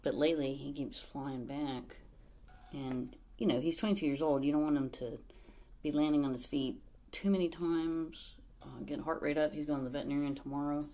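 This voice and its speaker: A woman at home vlogging about her parrot, switching between plain talk to the camera and high, sing-song baby talk to the bird. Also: steady tone, fairly quick, warm tone. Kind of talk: casual vlog talking to camera and her pet.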